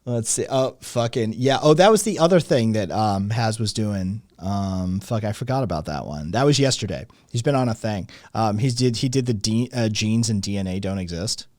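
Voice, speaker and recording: A man's voice: on the low side, moderate pace, few pauses, no room sound, clean studio sound. A man from Tennessee with a Southern Tennessee accent, hosting a casual, heavily profane podcast chat. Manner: swears constantly, animated. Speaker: podcast host.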